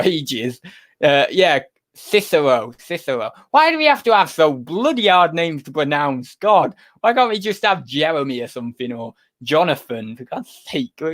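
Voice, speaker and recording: Uk guy rambling on his livestream, reading the chat, fairly high voice. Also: a bit bright. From United Kingdom. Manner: rambling, talks to viewers and to his cat. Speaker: livestream host, online reseller.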